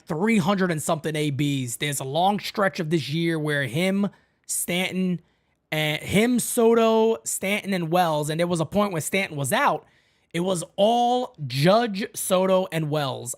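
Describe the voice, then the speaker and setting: Excitable woman streaming fan chat from home. Lively pitch, keeps it casual and chatty. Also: measured pace. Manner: excitable, chatty, says "man" and "folks" a lot. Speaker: fan channel host.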